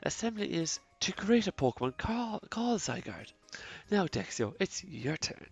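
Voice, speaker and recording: A man reading game characters aloud in a mock French accent, quiet and halting with stumbles. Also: high-pitched, big pitch swings, vocal fry, husky, voice pushed up, heavily acted.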